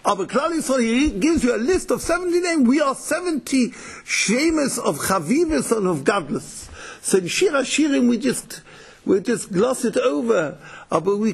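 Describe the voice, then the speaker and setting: A man's voice: very high-pitched, creaky, breathy edge. A man giving a Torah lecture, mixing Yiddish and Hebrew terms, often repeating words and restarting. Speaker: Torah teacher.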